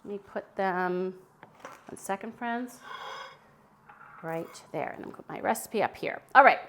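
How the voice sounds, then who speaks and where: Woman, mid-pitch, chatty live cooking host in her kitchen, talks to chat while she works. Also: moderate pace, a bit bright, slight background noise. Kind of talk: casual live cooking demo. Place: home kitchen.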